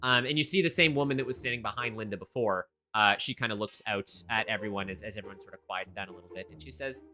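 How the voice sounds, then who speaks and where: A woman's voice: a bass voice, fast talker, hardly any pauses, sharp tone, faint music behind. A woman narrating a tabletop game as game master, casual and loose with lots of fillers. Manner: casual, many fillers, laughs often.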